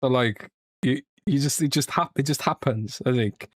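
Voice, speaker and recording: A man's voice: medium pitch, normal speed, dry recording, clean studio sound. A British man hosting a podcast in a casual, jokey way, rambling with plenty of restarts and fillers. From Britain. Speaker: podcast host.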